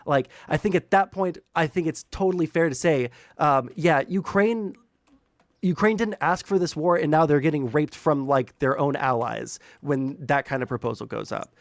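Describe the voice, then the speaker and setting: A man's voice: a little high, normal speed, dry recording. A man streaming, talking politics in a casual, profane, rambling way full of filler words.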